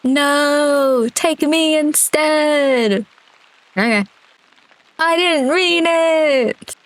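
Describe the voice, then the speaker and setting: Woman putting on a hammy excitable pal voice, high and over the top, drama queen energy. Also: very slow, no room sound, poor audio. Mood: pleading. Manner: dramatic, exaggerated panache. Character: mischievous excitable young friend, theatrical.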